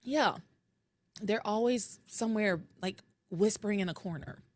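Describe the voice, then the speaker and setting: A woman co-hosting a podcast, recapping episodes in animated casual chat and acting out quoted lines. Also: mid-range voice, unhurried, no room sound, clean studio sound. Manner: animated, recounting with quoted voices. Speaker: podcast co-host.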